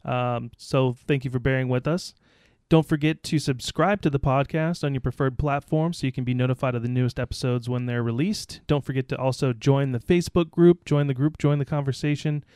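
Smooth-voiced joking American man. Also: mid-range voice, steady tone, brisk, a little mellow, no echo, clean studio sound. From United States. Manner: joking, self-teasing, with many ums and restarts. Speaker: podcast co-host. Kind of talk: casual podcast chat.

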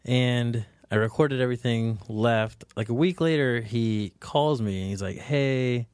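A man, a voice actor guest, telling stories in a casual podcast chat, animated and laughing, acting out the quotes. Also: mid-range voice, normal speed, clean tone, no echo. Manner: animated, laughing storyteller who acts out quotes.

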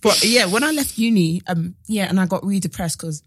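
A woman, co-hosting a casual podcast and telling stories with lively acted-out voices. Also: fairly quick, breathy edge, no echo, studio quality. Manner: animated storytelling, acts out quoted voices with big pitch jumps. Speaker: podcast co-host. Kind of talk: casual chat.

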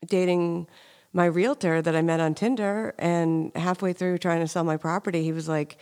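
A woman's voice: lowish voice, steady tone, moderate pace, darkish tone, smooth. A woman hosting an interview in a chatty, encouraging, conversational way. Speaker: host.

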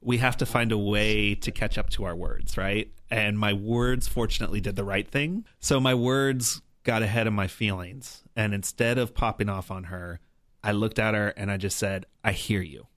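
As a guest, a man with a fairly low voice shares a personal story in conversational style, earnest and reflective, often using "like" and "right?" He speaks at normal speed with a slightly bright tone. The recording is dry and close-miked.

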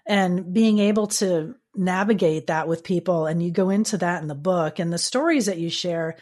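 A woman's voice: fairly low pitch, moderate pace, a little mellow. A woman interviewing an author, engaged and asking long flowing questions. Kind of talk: conversational interview.

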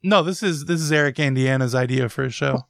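A man's voice: mid-range voice, fairly quick, vocal fry, dry recording. A man hosting a casual podcast, reading listener posts aloud with dry, teasing humor. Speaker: podcast host.

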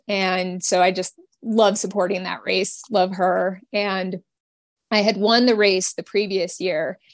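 A young woman, a cyclist, talking as a guest in a casual podcast chat, halting with many fillers and restarts. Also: mid-range voice, vocal fry, dry recording.

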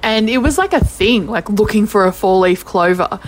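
A young woman co-hosting a podcast from home, relaxed and casual, swearing freely. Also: medium pitch, normal speed. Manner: laid-back, swears freely. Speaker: podcast co-host. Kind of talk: casual chat.

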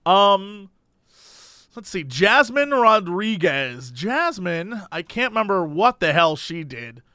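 A man casually recapping a reality show, telling stories with lively put-on voices for the people in it. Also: high voice, slow, no echo, studio quality. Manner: animated storyteller, acts out quotes in voices. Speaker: podcast co-host.

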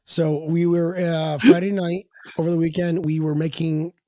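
A man's voice: fairly high pitch, flat delivery, moderate pace, warm tone, no echo, clean studio sound. A man chatting as a guest on a fan podcast, rambling, swearing and laughing as he tells stories. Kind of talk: casual podcast chat.

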